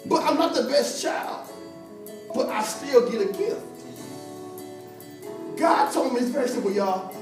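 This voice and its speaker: Man, youth preacher, fervent sermon, repeats lines hard; roomy hall, mic at a distance. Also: extremely high pitch. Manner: fervent, repeats phrases for emphasis. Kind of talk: impassioned sermon. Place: church hall. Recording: echoey hall, distant mic, music behind.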